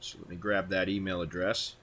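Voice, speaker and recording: A man talking through a software tutorial step by step in plain instructions, with occasional fillers. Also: deep voice, flat delivery, brisk, slight background noise. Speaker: tutorial host. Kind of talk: screen-recorded software tutorial.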